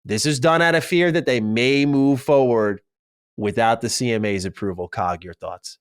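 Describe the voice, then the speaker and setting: A man's voice: mid-range voice, normal speed, clear, resonant tone, no echo, studio quality. A man hosting a gaming podcast in casual chat, reading out news items and quotes. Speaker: podcast host.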